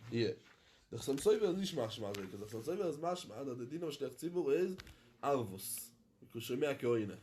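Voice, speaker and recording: A man's voice: mid-range voice, sing-song, a little mellow, slight background noise. Rabbi man teaching a talmud class, singsong over the text then explains it plainly, lots of restarts. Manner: chanting the Aramaic text, then explaining it in English; halting, with frequent restarts and repetition. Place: study hall in London.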